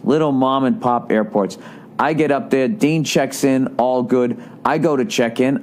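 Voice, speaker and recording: A man hosting a podcast, telling a rambling comic story with animated, profane ranting. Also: medium pitch. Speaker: podcast host.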